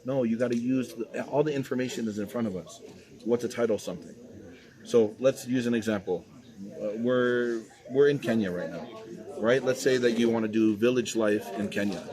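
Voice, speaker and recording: A man in a casual coaching chat, direct and animated as he pushes a beginner to keep going. A crowd chatters clearly behind him. His voice sits at an everyday middle pitch. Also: normal speed. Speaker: YouTube coach giving advice.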